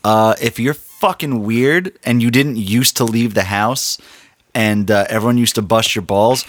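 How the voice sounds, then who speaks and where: A man's voice: on the low side, unhurried, dry recording. A man in a casual chat, delivering blunt, sarcastic complaints full of swearing. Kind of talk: casual profane rant.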